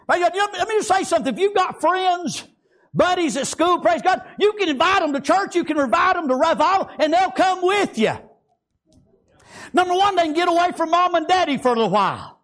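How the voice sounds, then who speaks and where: A man's voice: extremely high pitch, lively intonation, brisk, a bit bright. An older male pastor preaching a fiery sermon in a folksy country dialect, breaking in with praise and amens.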